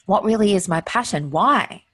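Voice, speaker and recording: A woman's voice: mid-range voice, expressive, normal speed, fairly bright tone, husky. A woman hosting her own show, giving an earnest, heartfelt and openly emotional motivational monologue. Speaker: host.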